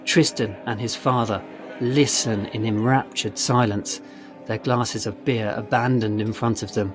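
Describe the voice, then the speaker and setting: A man narrating a story in a steady, measured reading voice. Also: fairly low pitch. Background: faint guitar music.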